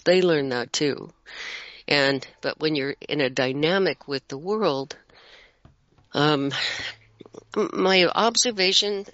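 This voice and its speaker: A middle-aged guest in casual conversation, animated and explaining with spoken examples. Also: mid-range voice, no echo. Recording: dull lo-fi audio.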